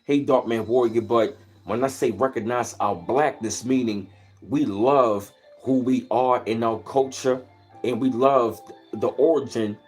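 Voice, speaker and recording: A man's voice: mid-range voice, unhurried, darkish tone, slightly rough, faint music behind. A man hosting a casual livestream, telling rambling, easygoing stories and greeting viewers in between. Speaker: livestream host. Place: at home, where he lives in Maryland.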